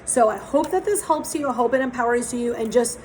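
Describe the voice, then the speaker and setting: A young adult woman gives a casual oracle card reading outdoors, her voice set slightly high. She talks frankly and curses often, slipping into lively stories from her own life. A faint wash of outdoor ambience runs under her words. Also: brisk, slight background noise, rough recording. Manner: frank, swears often, animated storytelling. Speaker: psychic tarot reader.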